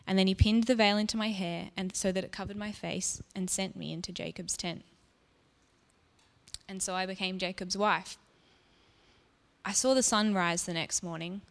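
A woman narrates in the first person, speaking softly and reflectively in a mid-range voice. Her words trail into a long reverb, as if recorded in a large hall. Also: medium pitch, fairly even intonation, moderate pace, gravelly, pauses often. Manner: soft, reflective, intimate. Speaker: storyteller. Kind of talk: first-person scripted storytelling.

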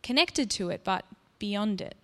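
A woman telling a story in the first person, soft and reflective, as if confiding in the listener. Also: medium pitch, animated, unhurried. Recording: long reverb.

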